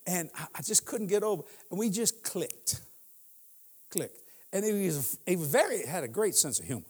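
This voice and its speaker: A man's voice: high-pitched, very animated, normal speed, a little mellow, slightly rough, long reverb tail. A man in his sixties preaching as a guest in a church, telling humorous stories and laughing often. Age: 60s. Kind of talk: sermon.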